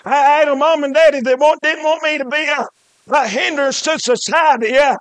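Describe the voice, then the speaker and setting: A man preaching a shouted revival sermon in a church, punctuating his phrases with "uh" and "hey" and dropping low between the shouts. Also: steady tone, moderate pace, no echo.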